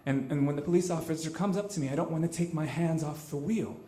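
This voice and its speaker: A man's voice: on the high side, fast talker, dark tone. A man from Los Angeles telling a true story on stage at a live event, earnest and conversational, often restarting his phrases. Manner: earnest and conversational, with frequent repeated starts. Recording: roomy live venue sound.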